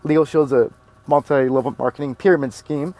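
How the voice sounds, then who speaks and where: A man's voice: medium pitch, fairly even intonation, a little fast, dark tone. A man ranting in a monologue video, blunt and profane, hammering the same points over and over. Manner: heated, blunt and profane, repeats his points. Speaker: video commentator.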